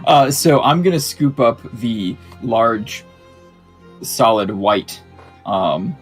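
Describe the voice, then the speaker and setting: A man's voice: mid-range voice, expressive, slow, slightly rough, soft background music. A man playing in a tabletop game, speaking hesitantly with many fillers. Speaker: player.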